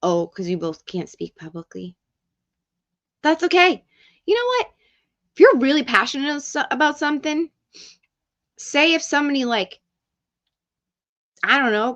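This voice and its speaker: A woman's voice: on the high side, a bit bright. A middle-aged woman hosting a casual livestream, chatting loosely, swearing freely and reading out comments from viewers. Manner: chatty and profane, reads chat aloud, drifts off-mic. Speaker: livestream host. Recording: dull lo-fi stream audio.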